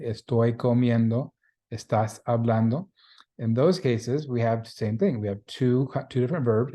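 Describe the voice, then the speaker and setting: A man's voice: mid-range voice, warm tone. A man teaching a beginning Spanish class in a recorded lecture, explaining grammar patiently and repeating the key points. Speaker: Spanish instructor.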